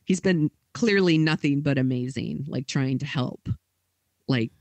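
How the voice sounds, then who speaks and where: A man is hosting a podcast and telling a story in a loose, chatty way. He fills his talk with fillers and keeps acting out quick quotes from the people in it. His voice sits fairly high for a man and sounds dry and close. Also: a little mellow, dry recording. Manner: casual, filler-heavy retelling with acted quotes. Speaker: podcast host.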